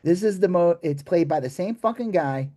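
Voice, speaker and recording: A man's voice: sits high, lively intonation, normal speed, dark tone. A man co-hosting a podcast, chatting loosely about a movie, swearing casually and trailing off mid-sentence. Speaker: podcast co-host.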